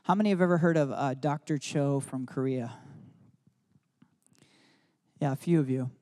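A man's voice: mid-range voice, moderate pace, a little mellow. A man preaching a sermon to his congregation as their pastor, telling stories in a conversational way with frequent "like". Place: church service.

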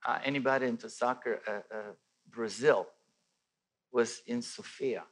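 A man from Bulgaria telling a personal faith testimony in animated storytelling, with many restarts and a voice that rises and falls. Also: mid-range voice, a little slow. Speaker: testimony speaker.

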